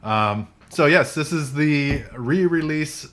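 A man's voice: on the high side, slow pace, fairly bright tone. A man hosting a casual tech chat show with a co-host, recorded in a coffee shop. He talks in a chatty way, laughs often and restarts his sentences. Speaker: podcast host.

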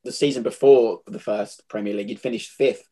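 A man's voice: on the low side, steady tone, a little fast, mellow. A man hosting an interview, asking chatty questions and laughing easily with his guest. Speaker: podcast host. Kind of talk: casual interview.

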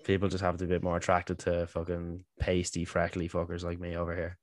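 A man's voice: sits low, monotone, fast, no echo. A man hosting a casual chat with an old friend, laughing often and swearing freely. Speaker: podcast host.

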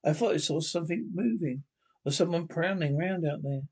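A man's voice: a little high, animated, normal speed, husky. A man reading the part of an elderly, hesitant small-town judge in an old radio play, with a rambling, apologetic manner.

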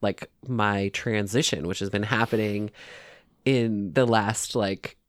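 A pastor and visual artist as a podcast guest, chatting in a playful, teasing way with quick asides. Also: medium pitch, fairly even intonation. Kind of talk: casual conversational interview.

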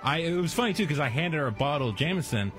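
A man's voice: fairly high pitch, animated, fast, a bit bright, soft background music. A man on a radio show, laid-back and jokey, recounting a travel story. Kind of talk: casual radio banter.

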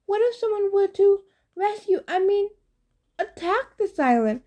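A woman voicing a nervous male satyr pretending to be a bride, stammering in a squeaky falsetto. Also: big pitch swings, unhurried, warm tone, full character voice.

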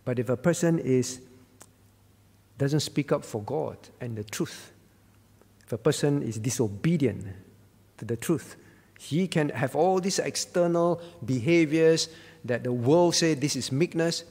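A man's voice: a little high, animated, measured pace, darkish tone, long reverb tail. A male pastor preaching a sermon at a prayer meeting, earnest, teaching with rhetorical questions and fillers. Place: church.

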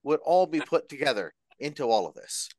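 A man lays out his plan in a long, rambling explanation. His voice is slightly high and comes through very dry and close, with no room sound at all. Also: sing-song, a little fast, a little mellow, dry recording. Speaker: roundtable guest. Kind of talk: podcast discussion.

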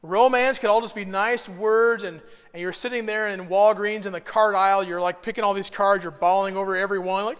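A man preaching a sermon as a pastor. He talks conversationally, dropping to a hushed, earnest tone and then rising into loud bursts. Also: high voice, fairly even intonation, brisk, hardly any pauses, clean tone. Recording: long hall reverb.

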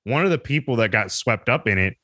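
A man's voice: mid-range voice, lively intonation, fairly quick, bright, forceful tone, breathy edge, no room sound. Rambling profane man. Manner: rambling, profane, laughs a lot. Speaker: podcast co-host or guest. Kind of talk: casual podcast chat.

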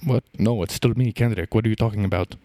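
A man putting on a rambling male rapper who claims a brain injury, talking in a halting, stammering way in an improvised comedy bit. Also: fairly low pitch, warm tone, slight background noise, natural voice.

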